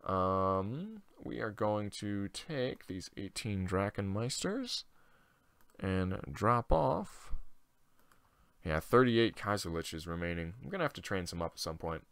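A man's voice: on the low side, big pitch swings, slow pace, fairly bright tone, clear, resonant tone, no echo. A young man giving casual let's-play commentary, rambling and thinking aloud with loose profanity. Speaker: gaming channel host.

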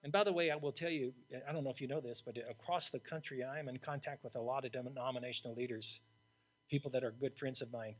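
An older man, an interim pastor, preaching a sermon in a blunt, emphatic way that swings from loud to hushed. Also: medium pitch, fairly even intonation, fast talker.

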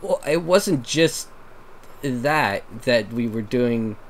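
A man's voice: mid-range voice, expressive, slow. A man hosting a let's play, chatting casually and rambling with a friend about games. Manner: chatty, rambling, laughs often. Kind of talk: casual gameplay commentary.

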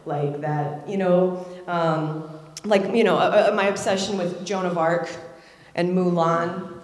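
A woman's voice: on the low side, steady tone, takes it slowly, darkish tone. A woman in her thirties from Ohio, giving a candid, reflective personal storytelling speech at a community event. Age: 30s. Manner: candid, reflective, acts out quoted voices. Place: large event hall. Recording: echoey hall with long reverb.

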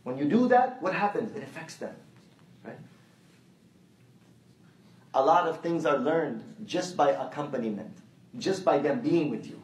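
Recorded by a distant mic in an echoing hall, this man preaches a conversational, story-filled sermon and repeats phrases to make his point. His fairly high voice is animated, his pace measured, and he pauses often.

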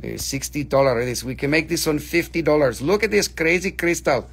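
A man's voice: a little high, a little fast, creaky, husky. A man in his forties from America, hosting a live crystal sale with playful, rambling banter. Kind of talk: joking live-stream sales chat.

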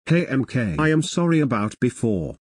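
A man's voice: medium pitch, expressive, moderate pace, breathy edge, no echo, clean studio sound. A man voicing a fussy cartoon party organizer. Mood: annoyed. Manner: explaining, bossy to guests.

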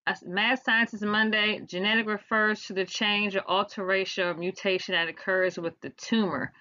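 A woman's voice: medium pitch, fairly even intonation, normal speed, sharp tone. A woman with a Washington DC accent giving a casual, slangy, playful science lecture to viewers as a chatty teacher. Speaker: science vlogger teaching class. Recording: dull lo-fi recording.

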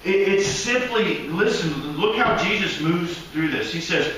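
A man preaching a sermon in a church hall, animated and acting out the voices of people praying. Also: high-pitched, a little slow, slight background noise. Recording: echoey hall, mic from a distance.

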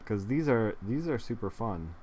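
A man's voice: on the low side, very animated, normal speed, dark tone, a little hiss or hum. A man chatting casually while painting on a live stream, rambling with lots of fillers and laughing at his own jokes. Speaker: digital artist streaming a painting session.

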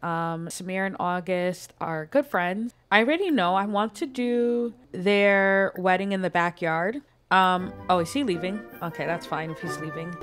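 A woman's voice: on the low side, unhurried, few pauses, smooth, faint music behind. Chatty young woman narrating gameplay. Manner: chatty, fills talk with "like" and "um". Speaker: gameplay commentator. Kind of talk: casual let's-play commentary.

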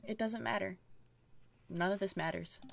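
A woman puts on a proud rooster prosecutor from a game, an aloof older man who brushes people off. He speaks down to everyone in a lowered, subdued voice. Soft music sits behind him. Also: big pitch swings, normal speed, gravelly. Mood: resigned. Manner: dismissive, lofty.

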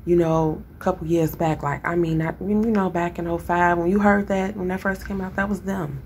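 A woman from Chicago with a Chicago accent and a raspy voice, talking casually and rambling to her viewers. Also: on the low side, steady tone, normal speed, darkish tone, slight background noise. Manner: rambling, conversational, lots of fillers. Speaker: vlogger. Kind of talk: casual talk to camera.

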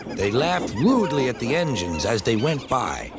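A man doing storybook narration in an expressive, deliberate way. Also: medium pitch, over music.

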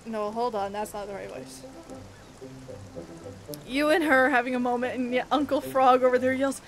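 A woman's voice: sits high, steady tone, moderate pace, long pauses. A woman streaming a game, chatting casually and reading its dialogue aloud. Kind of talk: casual gameplay commentary. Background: background game music.

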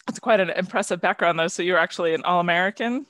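A podcast host chatting with a guest over a video call, upbeat and laughing often. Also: female voice, lowish voice, fast talker, a bit bright, no room sound. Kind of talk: casual interview chat.

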